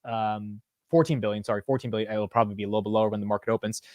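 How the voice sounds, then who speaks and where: A man's voice: on the low side, steady tone, racing, a little mellow, no room sound. A man hosting a live stock market show in casual commentary, rambling and blunt with casual swearing.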